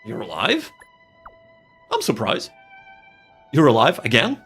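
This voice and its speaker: A man's voice: medium pitch, wildly swooping pitch, slow, fairly bright tone, soft background music. A man streaming a game and commenting casually, thinking aloud, repeating phrases and reading game text.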